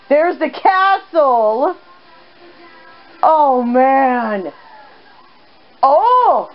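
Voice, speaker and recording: A woman giving excited, gushing commentary while playing a video game, often squealing out exclamations. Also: sits high. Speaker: let's play gamer. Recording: slightly dull sound with game music.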